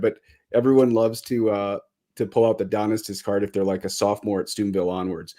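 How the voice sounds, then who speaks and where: Animated man with a low voice. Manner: animated, quick asides, mock quoting. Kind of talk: casual chat.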